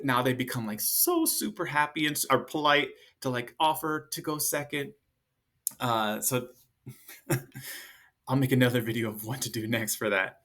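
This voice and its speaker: A man in his thirties talks through parenting tips in a loose, chatty way, with plenty of fillers. His pitch sits in the middle for a man. Now and then he lifts his voice to play out what a parent or child might say. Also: expressive, a little slow, bright, forceful tone. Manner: loose and chatty, acts out parent and kid lines in a higher voice. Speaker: parenting coach. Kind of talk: casual advice talk to camera.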